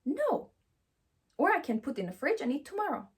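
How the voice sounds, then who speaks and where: A woman's voice: sits high, very animated, fast. A woman giving a motivational self-help talk, emphatic and affirming, who repeats encouraging phrases and speaks English with slightly non-native grammar.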